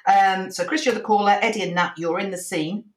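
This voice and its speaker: A woman's voice: medium pitch, fairly even intonation, a little fast, echoey room. A woman hosting an improv show, casually explaining a game to the players with fillers.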